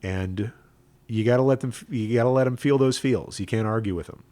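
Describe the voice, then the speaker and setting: A man's voice: mid-range voice, brisk, mellow, no echo. A man who is a rabbi, telling a personal story to camera in an earnest, conversational way and often checking in with "right?".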